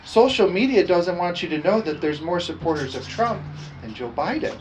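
Guy pastor preaching a sermon, kinda high voice, repeats lines hard, bit of noise behind. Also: expressive, moderate pace, low-quality recording. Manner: emphatic, repetitive preaching with call-and-response.

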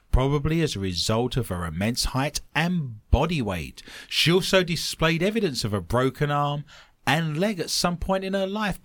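A man hosts a comedic news podcast, reading strange stories aloud and cracking jokes between them. His voice sits a little high and swings up and down a lot. The room is dry, with no echo. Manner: jokey, animated, reads news stories aloud. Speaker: podcast host.

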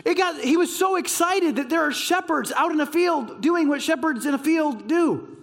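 A man with a strikingly high voice delivers a sermon to his congregation. He tells his stories with bubbling excitement and acts out the dialogue of the people in them. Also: normal speed. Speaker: pastor.

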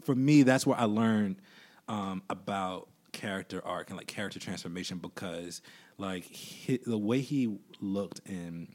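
A man's voice: deep voice, a little slow, a little mellow. A man guesting on a podcast, talking in a laid-back, rambling way with plenty of fillers. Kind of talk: casual interview chat.

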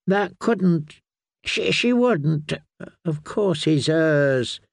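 Man doing a slow, dry-toned scared young man, nervous and pleading. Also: a little high, animated, vocal fry, no echo, voice pushed up, full character voice. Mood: disbelieving.

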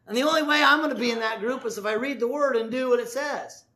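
A man preaching a sermon as pastor, emphatic, swinging between loud declarations and hushed lines. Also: very high-pitched, quick pace.

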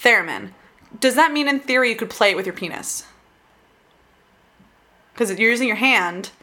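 A woman's voice: a little high, expressive, normal speed, bright, forceful tone. A woman co-hosting a podcast, chatting casually and crudely about a movie and breaking into giggles. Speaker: podcast co-host. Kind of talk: casual movie-talk banter.

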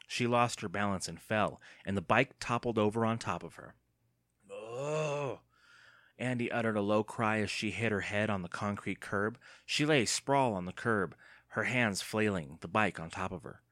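A man narrates an audiobook with an expressive, storytelling delivery. His voice sits on the low side at normal speed, recorded with clean studio sound and no echo.

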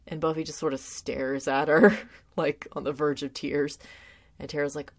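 Low-voiced woman, earnest and emotional. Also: fairly even intonation, normal speed. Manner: emotional and earnest, close to tears; heavy use of filler words like "like". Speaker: tv show commentator. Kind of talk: casual personal commentary.

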